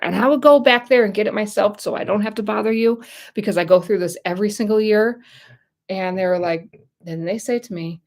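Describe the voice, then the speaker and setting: A woman's voice: mid-range voice, brisk, darkish tone. An American woman in her thirties, a livestream host telling an exasperated story in casual chat. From United States.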